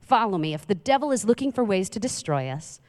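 A woman in her thirties preaches a conversational sermon as a pastor, frequently putting questions to the audience. Her medium-pitched voice swings widely in pitch, moves briskly, and sounds a little mellow, recorded in a reverberant hall.

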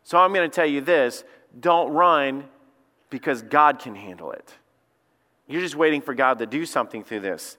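A man's voice: sits high, animated, moderate pace, pushed and bright. A man preaching a sermon as lead pastor, talking conversationally and acting out quotes. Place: church sanctuary. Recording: long church hall reverb.

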